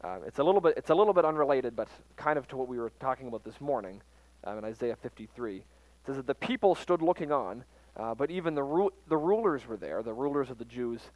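A man teaching from the Bible in an informal sermon, pausing often with fillers and restarting his sentences. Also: medium pitch, lively intonation, dry recording, muffled recording. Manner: halting, frequent fillers and restarts. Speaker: preacher.

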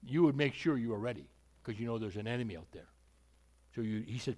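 A man's voice: mid-range voice, quick pace, a little mellow. A male preacher giving an emphatic sermon, repeating points and asking rhetorical questions.

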